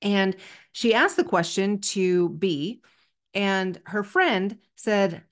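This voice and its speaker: A woman's voice: medium pitch, slow pace. A middle-aged woman hosting a podcast, telling a story in an earnest, chatty and self-deprecating way. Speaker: podcast host. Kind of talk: casual solo podcast storytelling.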